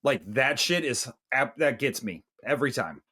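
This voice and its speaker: A man's voice: mid-range voice, sing-song, pushed and bright, breathy edge. Chatty, profane male podcast co-host. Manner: profane, chatty, quick asides. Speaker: movie review podcast co-host. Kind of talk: casual chat.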